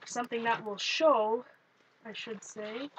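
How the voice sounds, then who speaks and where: A woman with a slightly raised pitch chats casually through a live crafting stream. She talks loosely as she works, greets viewers by name and makes small jokes at her own expense. A faint hum of room noise sits behind her. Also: measured pace. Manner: chatty, self-deprecating, greets viewers by name. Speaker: art journaling livestream host.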